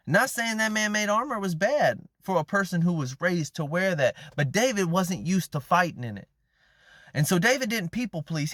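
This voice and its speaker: A man's voice: high voice, a bit bright, no room sound, studio quality. A man giving a casual, slangy sermon, retelling a Bible story and acting out the characters' lines. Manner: conversational, slangy, acts out quoted characters. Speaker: preacher.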